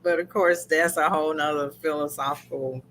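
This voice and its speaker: A woman's voice: sits low, steady tone, normal speed, fairly bright tone, slight background noise, low-quality recording. A woman co-hosting a casual review chat. She tells the story animatedly, acts out what people said, and laughs often. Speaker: podcast co-host.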